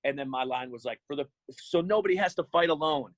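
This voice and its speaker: A man who works as an arena emcee, telling an embarrassing story in a relaxed, self-mocking way on a panel. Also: a little high, a little fast, no echo, poor audio. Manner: laid-back, amused, self-mocking storyteller.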